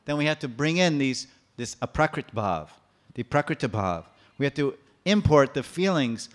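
A man giving a sermon, explaining scripture and acting out the stories in a lively manner. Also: mid-range voice. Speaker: preacher. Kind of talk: sermon with storytelling.

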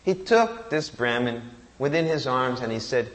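A man's voice: mid-range voice, animated, normal speed, hardly any pauses. A man giving a sermon, reciting Sanskrit verses and asking rhetorical questions that he answers himself. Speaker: preacher.

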